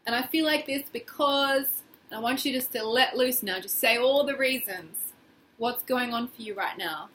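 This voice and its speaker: Woman, bright, slightly higher voice, casual and expressive tapping coach, faint noise behind. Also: moderate pace. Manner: casual, expressive, acts out feelings in quoted phrases. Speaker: tapping session guide. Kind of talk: guided tapping exercise.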